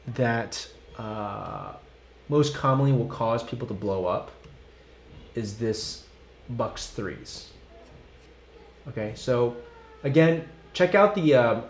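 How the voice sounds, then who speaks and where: A man teaching an online drum lesson, counting beats aloud and encouraging the student. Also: mid-range voice. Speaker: drum instructor. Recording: loud background noise.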